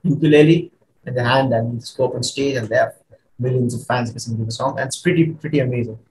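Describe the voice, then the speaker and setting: A man from India, hosting a casual podcast interview, halting and filling pauses as he asks. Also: medium pitch, echoey room, background noise. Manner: hesitant, many fillers and restarts. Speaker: podcast host.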